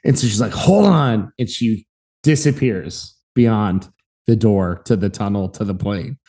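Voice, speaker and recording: Animated man telling a story. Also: lowish voice, a little slow. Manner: animated, acts out voices in his story. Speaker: podcast co-host. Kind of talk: casual storytelling.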